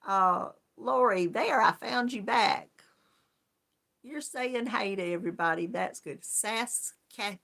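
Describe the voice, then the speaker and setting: A woman with a mid-range, fairly bright voice and vocal fry speaks unhurriedly as host of a yarn crafts channel. On a casual live stream she greets viewers one by one, chatty and friendly, laughing often.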